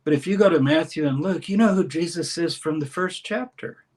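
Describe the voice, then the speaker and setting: A man speaking as a guest scholar in an interview, explaining a text with lively emphasis and reading passages aloud. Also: a little high, a little fast. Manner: animated, reads scripture aloud with dramatic emphasis. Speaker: scholar and course teacher, guest.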